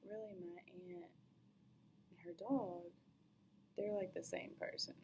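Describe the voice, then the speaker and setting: A woman telling a personal story in a halting way, often dropping to a breathy half-whisper. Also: on the low side, fairly even intonation, a little hiss or hum.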